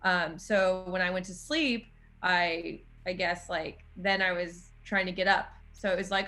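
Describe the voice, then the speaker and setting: A woman's voice: fairly low pitch, moderate pace. A young woman co-hosting a podcast, telling a funny personal story in casual chat and laughing as she goes. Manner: animated, laughs while telling stories. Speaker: podcast co-host.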